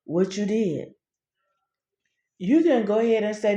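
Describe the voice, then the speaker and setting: Brief: slangy, animated woman storyteller, mellow voice, roomy echo. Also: mid-range voice, unhurried, pauses often, highs cut off. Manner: animated, slangy, acts out quotes. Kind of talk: casual storytelling. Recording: echoey room.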